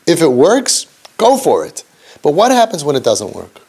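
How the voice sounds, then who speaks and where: A man, a parenting counselor, gives an impassioned, preachy lecture, dropping low and soft and then rising for emphasis, with Yiddish and Hebrew terms mixed in. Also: wildly swooping pitch, normal speed, gravelly, breathy edge.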